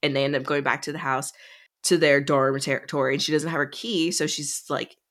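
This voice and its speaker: A woman's voice: low voice, steady tone, brisk, fairly bright tone. A woman co-hosting a podcast, chatting casually as she recaps a novel's plot and acts out the characters' lines. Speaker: podcast co-host.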